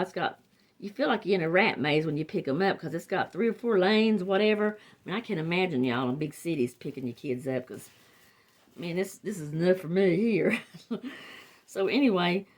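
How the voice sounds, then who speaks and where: An older woman with a Southern US accent, chatting casually and rambling through a wreath-making tutorial. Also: medium pitch. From the Carolinas, US. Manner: chatty, rambling, trails off and restarts. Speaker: wreath crafter. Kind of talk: casual crafting tutorial chat.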